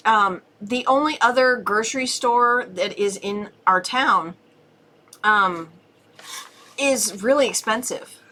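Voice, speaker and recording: A woman's voice: mid-range voice, takes it slowly, pushed and bright, a little hiss or hum. A middle-aged woman co-hosting a homesteading channel, chatting casually and reading viewer questions aloud. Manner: conversational, interjecting with short agreements.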